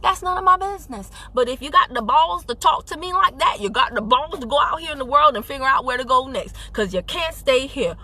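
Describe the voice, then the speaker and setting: A woman's voice: sits high, animated, a little fast, hardly any pauses, bright, forceful tone. A woman giving an emphatic, sassy motivational talk on a live stream, speaking into a phone while driving her car. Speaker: network marketing team leader.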